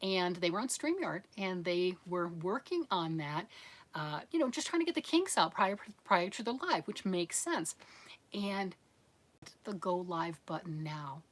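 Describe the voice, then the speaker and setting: A middle-aged woman hosts a crafting livestream, chatting casually as she reads and answers viewer comments. Her voice sits a little low for a woman. She sounds encouraging and laughs often. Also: animated, a little slow. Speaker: livestream host of a crochet channel.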